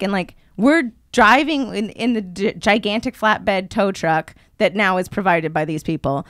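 A woman recounts a story to her podcast co-hosts in loose, chatty talk. She keeps bouncing into little impressions of the people she met along the way. Her voice sits at an average pitch and is recorded close on a studio mic with almost no room sound. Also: normal speed, few pauses, dry recording. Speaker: podcast co-host. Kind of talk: casual storytelling chat.

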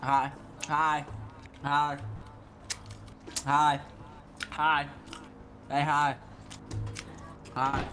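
A man's voice: fairly high pitch, flat delivery, extremely slow, pauses often, sharp tone, soft background music. A man in game voice chat, goofy and repeating himself. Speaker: roleplay player.

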